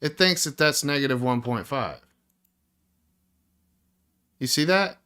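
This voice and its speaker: Male indie dev streamer, sharp bright tone, profane and fed up, walks viewers through code. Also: mid-range voice, lively intonation, takes it slowly, smooth. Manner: frustrated, swears constantly, talks to viewers. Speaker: indie game developer streaming. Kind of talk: live coding stream, thinking aloud.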